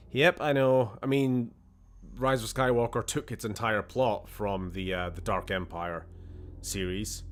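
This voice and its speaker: A Scottish man streaming a game, chatting casually in a rambling way with laughing asides and the odd swear. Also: on the low side. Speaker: gaming streamer. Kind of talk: casual live-stream chat.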